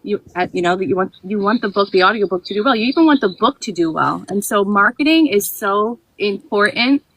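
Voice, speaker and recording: Relaxed woman audiobook narrator. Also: mid-range voice, a little fast, low-quality recording. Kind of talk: casual video-call chat.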